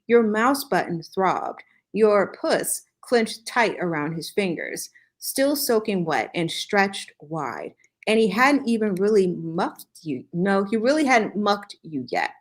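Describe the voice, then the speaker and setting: A woman's voice: mid-range voice, sing-song, takes it slowly. A woman hosting a podcast who reads fan fiction aloud, keeping a dry tone and breaking it with joking asides. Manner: dry reading broken by joking asides and laughs. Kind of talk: comedic dramatic reading with asides.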